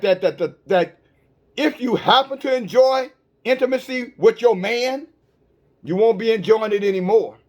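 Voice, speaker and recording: High-voiced man preaching emphatically. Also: darkish tone. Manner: emphatic, with frequent stammered restarts; addresses listeners directly with rhetorical questions. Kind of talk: online sermon.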